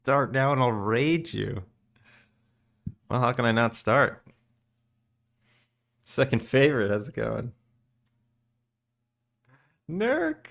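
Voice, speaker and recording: A young man chatting casually with viewers on a live stream, drowsy and relaxed in his early-morning voice. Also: medium pitch, slow pace, gravelly, long pauses. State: just woken up, morning voice. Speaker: game developer streamer.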